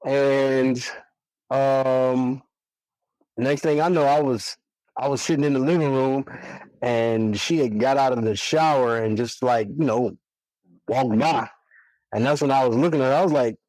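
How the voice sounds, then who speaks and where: Storytelling man, casual and animated. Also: mid-range voice, a little slow, no room sound, rough recording. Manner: relaxed, animated storytelling with quoted dialogue. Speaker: podcast guest, single father.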